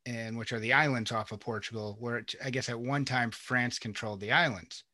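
A man's voice: medium pitch, fairly even intonation, fairly quick, pushed and bright, no echo. A man from Connecticut co-hosting a podcast, chatting casually and rambling with restarts. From Connecticut, USA. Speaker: podcast co-host. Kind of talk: casual chat.

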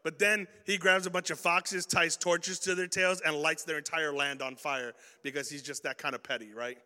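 A young man preaching an energetic youth sermon, telling stories in slang and swinging from loud bursts to hushed points. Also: a little high, moderate pace, long reverb tail. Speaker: youth pastor.

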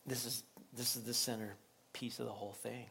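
A male pastor preaching a sermon, animated and laughing often, rising to near-shouting at peaks. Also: mid-range voice, moderate pace, creaky, slight background noise.

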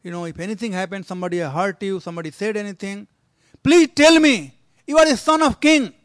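A man doing a soft-spoken grieving mother. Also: high voice, fairly quick, no echo, clean studio sound. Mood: consoling. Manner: soft, consoling. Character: gentle grieving mother queen.

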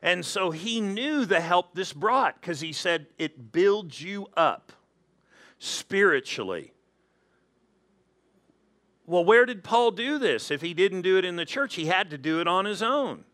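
A man preaching a sermon in church, animated and acting out quoted voices. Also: sits high, measured pace. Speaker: pastor.

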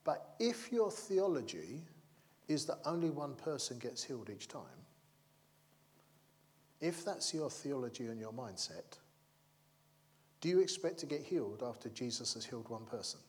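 A man's voice: mid-range voice, sing-song, normal speed, long pauses, a little mellow. Male preacher, chatty sermon. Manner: conversational, keeps asking the congregation "yeah?"; acts out the crowd and characters in the stories.

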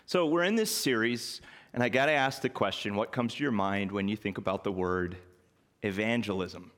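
A man's voice: on the low side, normal speed, a bit bright. A male pastor preaching a sermon in a church in a conversational, folksy way, with light self-deprecating humor. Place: church sanctuary.

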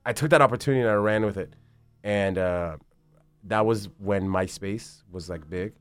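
This man, a basketball agent in his thirties, talks at a moderate pace in a fairly low voice with a clean tone and no echo. Chatting casually in an interview, he meanders through his story animatedly and swears a lot.

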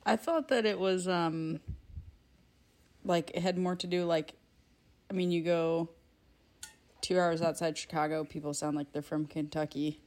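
Low-voiced woman chatting about films. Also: steady tone, a little slow, pauses often, a little mellow. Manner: rambling, lots of filler words. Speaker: podcast co-host. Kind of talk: casual film discussion.

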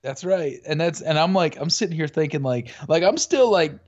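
A man's voice: a little high, lively intonation, moderate pace, darkish tone. A man chatting casually as a podcast co-host, telling a rambling story full of fillers and restarts. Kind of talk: casual chat. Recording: dull lo-fi audio.

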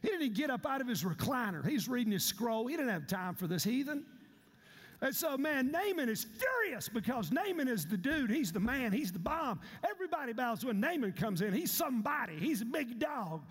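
A male pastor, preaching an animated, humorous sermon. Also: extremely high pitch, a little fast, breathy edge, in a large hall. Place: church sanctuary.

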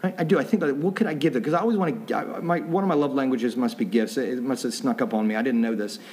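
A man's voice: medium pitch, fast talker, a little mellow. A middle-aged man preaching a sermon as a pastor, in a conversational way with restarts and joking asides. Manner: conversational, self-interrupting, jokey asides.

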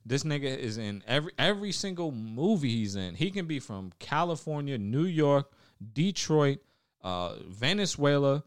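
Young guy hosting a podcast, swears a lot, lively up and down voice, smooth and dry. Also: mid-range voice, moderate pace, dry recording. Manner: loose and profane, trails off and restarts. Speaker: podcast host. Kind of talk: casual podcast chat.

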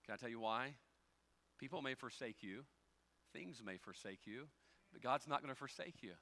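A pastor preaches a folksy, conversational sermon, shifting from quiet storytelling into loud, rising exhortation. His voice is medium in pitch and his pace is moderate.

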